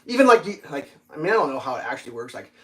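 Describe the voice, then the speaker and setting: A man's voice: a little high, sing-song, racing, pushed and bright, a little hiss or hum. A man telling a rambling, profane story on a casual livestream, full of fillers and restarts. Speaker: livestream host.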